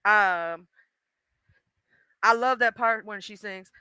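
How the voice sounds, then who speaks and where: A woman chatting casually on a livestream, animated and outspoken, rambling from thought to thought. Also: mid-range voice, slow, smooth, no echo.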